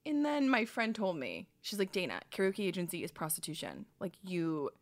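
Animated woman telling a funny story. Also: lowish voice, moderate pace. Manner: animated, laughing storyteller acting out quotes. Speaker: comedian and podcast co-host. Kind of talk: casual storytelling chat.

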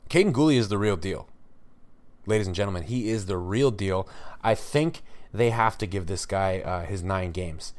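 A man's voice: low-pitched, moderate pace, a little mellow, dry recording. A man hosting a solo sports podcast, talking in an emphatic, ranting way with frequent restarts. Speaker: podcast host.

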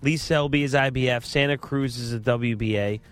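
A man's voice: medium pitch, fairly even intonation, moderate pace, a bit bright, clear, resonant tone. A man co-hosting a boxing podcast in casual chat, listing facts and laughing along.

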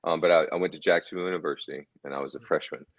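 A man, a former ballplayer, telling relaxed anecdotes as a guest in a casual interview, often chuckling. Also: low-pitched, racing. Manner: laid-back, chuckling anecdotes.

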